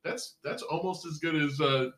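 Bright, playful man co-hosting. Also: fairly high pitch, moderate pace, roomy sound, poor audio. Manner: playful, jokey, stumbles over words. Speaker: podcast co-host. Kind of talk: casual chat.

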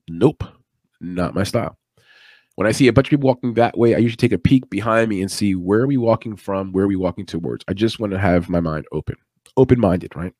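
A man's voice: lowish voice, darkish tone, no room sound, clean studio sound. A man hosting a late-night MMA podcast, talking in a chatty, opinionated, rambling way with asides. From United States East Coast. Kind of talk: casual live-stream commentary.

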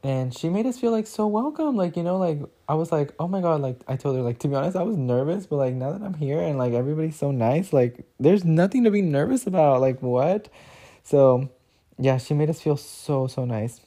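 A young man chatting casually in a vlog, telling a story with lots of filler words and acting out quotes in a higher voice. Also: lively intonation, a little fast, warm tone. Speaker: vlogger.

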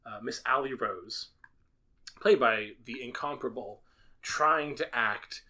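A man co-hosting a casual movie review podcast, jokey and excitable, rambling through award lists. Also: medium pitch, takes it slowly. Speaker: podcast co-host.

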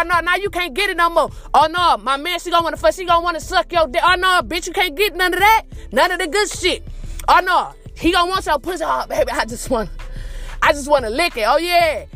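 A woman with a high voice talks straight to her listener in a blunt, profane podcast monologue, calling them "my baby" as she lectures. She speaks, and faint music plays behind her. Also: fairly bright tone. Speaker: podcast host. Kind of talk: casual monologue.

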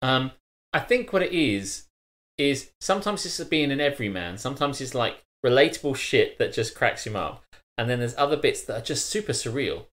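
A man's voice: mid-range voice, expressive, moderate pace, a bit bright. A man co-hosting a live-streamed chat show, opinionated and restarting sentences as he goes. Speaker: co-host.

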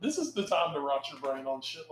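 Excitable high-voiced male podcast host. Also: brisk, roomy sound, a little hiss or hum, poor audio. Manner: excitable, animated, prone to shouted asides. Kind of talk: casual chat.

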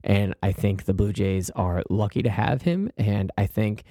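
A man's voice: fairly low pitch, moderate pace, dark tone, no room sound. Man, podcast host, casual sports talk, upbeat, dry close sound.

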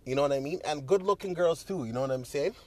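Speaking fast and on the high side, a young man runs his own podcast as a loose solo monologue. Expect rambling, free swearing, and plenty of fillers and restarts.

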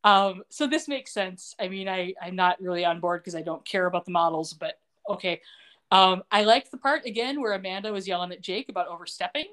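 A woman's voice: mid-range voice, a little fast, fairly bright tone. Chatty woman recapping a TV episode. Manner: chatty and loose, with frequent fillers and asides. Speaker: podcast co-host. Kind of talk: casual recap chat.

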